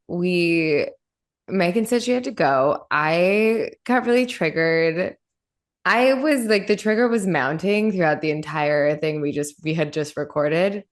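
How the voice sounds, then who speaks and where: A woman podcast host talks in a loose, candid chat, pitched a little low for a woman. She rambles freely and fills her talk with "like.". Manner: candid, rambling, says "like" often. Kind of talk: casual chat.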